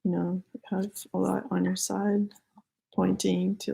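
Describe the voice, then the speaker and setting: A woman giving a casual spiritual reading to viewers, hoarse as she loses her voice, rambling loosely with lots of fillers. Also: mid-range voice, monotone, moderate pace, darkish tone, a little hiss or hum, rough recording. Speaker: spiritual reader.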